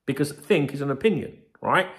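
A man's voice: mid-range voice, a little fast, a bit bright. Guy hosting a footy channel, chatty, keeps saying right, swears a bit. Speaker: football channel host. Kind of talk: casual commentary to camera.

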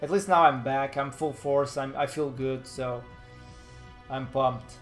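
A man's voice: mid-range voice, steady tone, unhurried, a bit bright, faint music behind. Laid-back rambling male streamer. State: slightly nasal from a fading cold. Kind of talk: casual live-stream chat.

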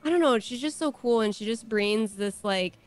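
A woman's voice: on the high side, moderate pace. Chatty young woman, rambling guest. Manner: chatty, rambling, lots of fillers and self-corrections. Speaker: voice actor, guest. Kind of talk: casual livestream chat.

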